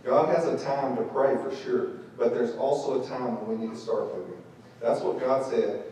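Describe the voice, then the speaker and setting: A man preaching a midweek sermon as pastor, an animated storyteller who acts out the voices, far from the mic in a church sanctuary. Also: mid-range voice, normal speed, very echoey, a little hiss or hum.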